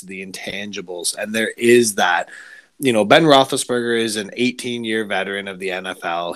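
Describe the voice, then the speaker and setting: A man's voice: lowish voice, fairly bright tone. A man co-hosting a podcast, giving thoughtful, rambling football analysis in a casual way. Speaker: podcast co-host. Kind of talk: casual sports chat.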